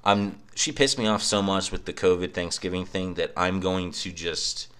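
Young guy, very low voice, cheap home mic, profane sarcastic rant. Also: normal speed, hardly any pauses, a bit bright, clear, resonant tone. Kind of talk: casual rant. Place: apartment. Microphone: cheap microphone.

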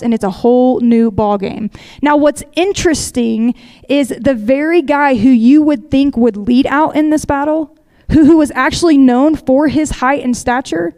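A woman's voice: sits high, warm tone. A woman giving a sermon, reading scripture aloud and explaining it conversationally, inviting listeners to picture the scene. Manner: reads scripture aloud steadily. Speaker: preacher.

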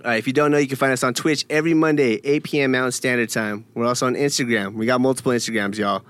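A man's voice: medium pitch, steady tone, rapid-fire, a bit bright, smooth, no room sound. A man hosting a casual group podcast, laid-back and slangy, joking with friends and reading out where to find the show. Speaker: podcast host.

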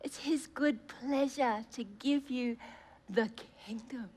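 High-voiced fervent woman preacher. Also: darkish tone. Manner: fervent, drawn-out emphasis, prayerful. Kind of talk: sermon.

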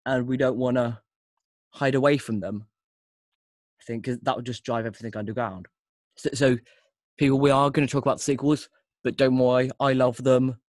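A man's voice: mid-range voice, little pitch movement, fairly quick, long pauses, no room sound. A man hosting a casual podcast chat, talking enthusiastically and restarting often. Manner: enthusiastic, rambling, with frequent restarts. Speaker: podcast host.

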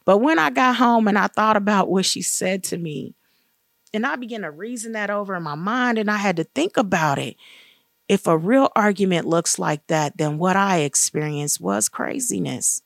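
A middle-aged woman speaks in an earnest, encouraging way as she shares a personal faith testimony. Her voice sits at a middle pitch and is recorded close and dry, with no room echo. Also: lively intonation, moderate pace, creaky. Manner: earnest and encouraging, acts out quoted dialogue with raised pitch. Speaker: guest speaker sharing testimony.

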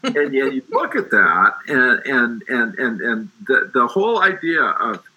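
A man's voice: medium pitch, very animated, a little slow, sharp tone, husky, rough recording. A middle-aged man talking about faith in an emphatic, preacherly way, often restarting his sentences. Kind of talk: faith discussion.

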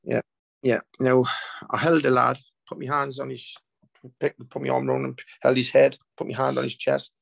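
Gravelly man telling a story. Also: medium pitch, completely flat delivery, normal speed, no echo, low-quality recording. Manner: rambling, repeats himself, broken restarts. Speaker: spiritual healer guest. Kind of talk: emotional storytelling.

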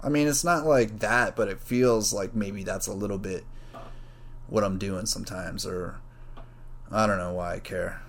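A young man talks casually on his own podcast in a lowish voice. He rambles from one thought to the next and swears freely. Now and then he jumps high to mimic other people. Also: unhurried. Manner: rambling, profane, animated, mimics others in a raised voice. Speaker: podcast host. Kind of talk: casual solo podcast monologue.

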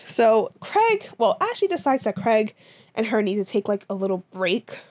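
On a podcast she co-hosts, a young woman with a somewhat high voice recaps a TV episode at a normal pace. The chat is casual and animated, peppered with swearing, fillers, and "this, that, and the fourth."

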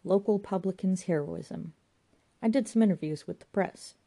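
A woman's voice: medium pitch, normal speed, creaky, warm tone. A woman voicing a rambling, self-important male pub landlord with a banged head. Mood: chatty.

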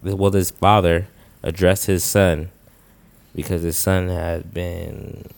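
A man in casual chat, explaining his point in a measured way. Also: sits low, fairly even intonation, vocal fry, darkish tone, dry recording.

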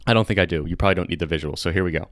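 A young man hosting a casual comedy podcast, chatty and excitable, laughing often. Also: low voice, rapid-fire, slight background noise. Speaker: podcast host.

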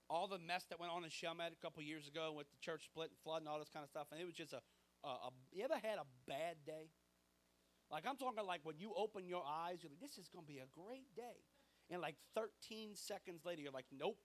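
Pastor, forties, fairly high voice, chatty sermon full of stories and quoted talk. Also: male voice. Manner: conversational, animated storytelling with quoted dialogue.

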